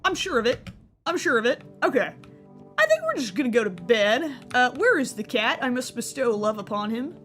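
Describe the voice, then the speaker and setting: A young woman streamer rambles through her let's-play commentary in a goofy way, quick to laugh. Her voice sits high and bright, with faint music in the background. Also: sing-song. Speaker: gaming streamer.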